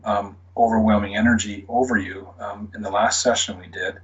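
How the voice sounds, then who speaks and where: A man who works as an energy healer, softly coaching someone through a guided healing session and often dropping to a whisper. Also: fairly low pitch, steady tone, brisk. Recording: dull lo-fi with faint hiss.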